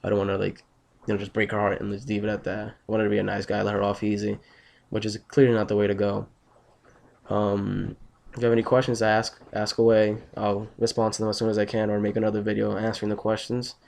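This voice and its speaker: A young man tells a story straight to his viewers, tired from just waking up. His voice sits low with a gravelly rasp. He rambles, restarts and swears freely. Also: monotone, quick pace, darkish tone. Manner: rambling, profane, blunt. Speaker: vlogger. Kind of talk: casual storytelling vlog.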